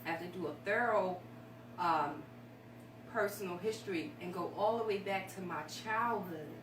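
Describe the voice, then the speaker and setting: A woman's voice: on the low side, normal speed. Woman telling her story, echoey and distant. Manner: heartfelt, rambling, emotional. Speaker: guest sharing her story. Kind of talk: candid talk show conversation. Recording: echoey room, distant mic, noisy.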